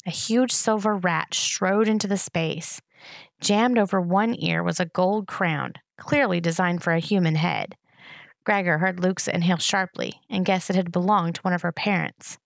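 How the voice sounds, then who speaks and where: A woman reading a novel aloud in steady narration. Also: lowish voice, moderate pace, creaky, dry recording, studio quality. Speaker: reader.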